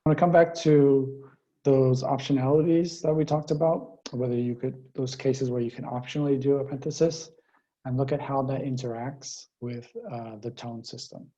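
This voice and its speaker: A man's voice: medium pitch, fairly even intonation, normal speed, dark tone, lo-fi sound. A man giving a linguistics lecture, explaining step by step with frequent fillers over a remote call.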